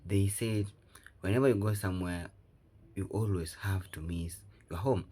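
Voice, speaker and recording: Deep husky male reaction host. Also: moderate pace, mellow. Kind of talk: casual commentary to viewers.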